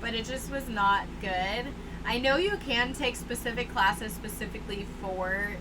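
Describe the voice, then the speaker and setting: A woman's voice: on the high side, unhurried. A young woman from Texas, co-hosting a casual chat and telling stories with lots of fillers. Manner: chatty, storytelling with many "like" fillers. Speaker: co-host. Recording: noticeable background noise.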